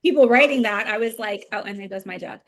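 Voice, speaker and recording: A woman's voice: medium pitch, fast talker. A woman hosting a casual podcast conversation, rambling enthusiastically with lots of fillers. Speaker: podcast host.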